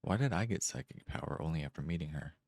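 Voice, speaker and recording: A man reading a first-person short story aloud in a measured, deliberate way with careful pauses. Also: a bass voice, lively intonation, darkish tone, no room sound, studio quality. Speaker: amateur narrator.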